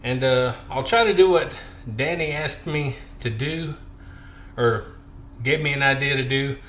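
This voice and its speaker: A man's voice: mid-range voice, measured pace, fairly bright tone, roomy sound, a little hiss or hum. A man chatting on a workout live stream, counting reps aloud, out of breath and joking between sets. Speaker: fitness vlogger.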